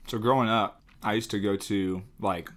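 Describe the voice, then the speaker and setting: A young man in casual chat, easygoing, quick with reactions and asides. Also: on the low side, fairly even intonation, a bit bright.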